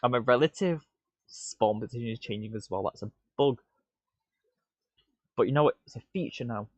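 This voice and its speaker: A man's voice: mid-range voice, normal speed, slightly rough, dry recording. Man muttering to himself while streaming. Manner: muttering to himself, excitable, stammering restarts. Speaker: live-coding streamer. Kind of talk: casual live-stream self-talk. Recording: dull lo-fi stream audio, dry.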